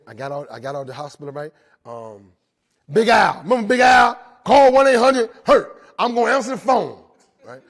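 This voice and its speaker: A man with a husky, fairly high voice tells a story to a live room. He talks in lively bursts, drops low, then rises loud again, and keeps asking his listeners "right?". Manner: animated storytelling, swinging loud and soft, asks the crowd "right?". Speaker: recovery speaker. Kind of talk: storytelling talk to a live audience. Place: jail, indoors.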